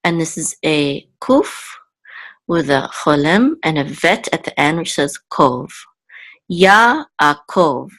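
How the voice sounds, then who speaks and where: A woman teaching a reading lesson, patient and careful, often pausing with ums and repeating syllables. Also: sits low. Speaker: Hebrew teacher.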